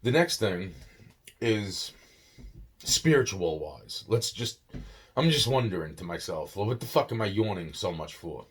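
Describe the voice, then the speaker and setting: A man's voice: deep voice, lively intonation, a little slow, slightly rough. A young man rambling on in a casual monologue, swearing often, yawning and tired. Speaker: vlogger.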